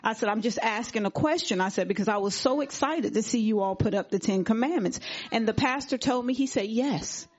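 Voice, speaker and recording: A woman's voice: fairly high pitch, a little fast, husky. A woman sharing a testimony at a church service, retelling a conversation and acting out what each person said. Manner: animated retelling, acting out quoted dialogue. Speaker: congregation member giving testimony. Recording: dull lo-fi recording.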